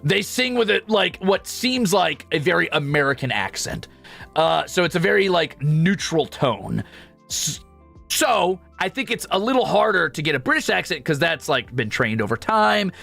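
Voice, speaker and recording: Male streamer, slightly high, gravelly, casual and profane, faint background music. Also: sing-song, a bit bright. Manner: casual, quick asides and profanity, shows off vocal range. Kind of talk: casual chat with chat readers.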